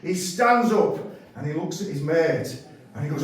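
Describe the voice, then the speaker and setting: Male comic, rambling storyteller, high voice, very echoey room. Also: moderate pace. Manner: rambling, animated storytelling with self-corrections. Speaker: stand-up comedian. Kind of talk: stand-up set. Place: comedy club stage. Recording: very echoey room, mic at a distance.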